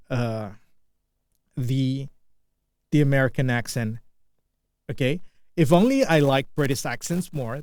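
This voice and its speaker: A man's voice: mid-range voice, a little mellow, clear, resonant tone, no echo, studio quality. A man from Indonesia with an Indonesian accent, a native Indonesian speaker, thinking aloud in an unscripted solo vlog and often restarting and repeating phrases. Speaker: vlogger practicing English.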